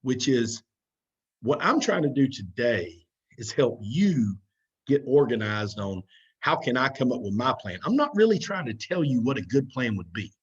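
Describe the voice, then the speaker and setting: A man talks straight to other football coaches while walking them through a slide deck. His voice is husky and mid-pitched, casual and repetitive. The recording is dull and lo-fi. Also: very animated, moderate pace. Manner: conversational, direct, repeats himself. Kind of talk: recorded presentation over slides.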